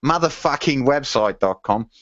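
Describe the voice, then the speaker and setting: A man's voice: mid-range voice, lively intonation, moderate pace, fairly bright tone, no room sound, dull audio. A man co-hosting a podcast in casual chat, reading out listener emails with many fillers and laughs. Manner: rambling, lots of fillers and laughs. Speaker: podcast co-host.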